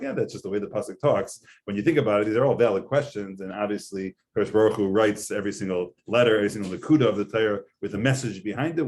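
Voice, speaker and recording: A man's voice: fairly low pitch, darkish tone, a little hiss or hum. A man, a rabbi, giving a conversational Torah lecture, explaining earnestly with frequent fillers. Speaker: rabbi teaching a class.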